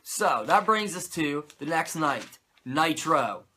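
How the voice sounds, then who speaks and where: Man, casual recap host, bright voice, a little high, swears constantly, lots of "like". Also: big pitch swings, slow, breathy edge. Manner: swears a lot, lots of "like" fillers, incredulous rants. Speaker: wrestling recap podcast host.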